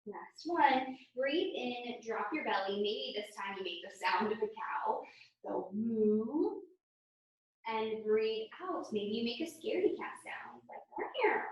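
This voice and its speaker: A young woman leads a children's yoga lesson with gentle, encouraging cues. She talks slowly in a slightly high voice. The sound is distant and echoey, as if she stands well away from the mic in a bare room. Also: dull audio. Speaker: kids yoga teacher.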